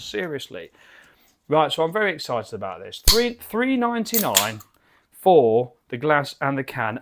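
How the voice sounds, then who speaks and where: A British man giving a chatty, enthusiastic and rambling beer review from his garden cabin bar. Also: a little high. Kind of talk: casual video review.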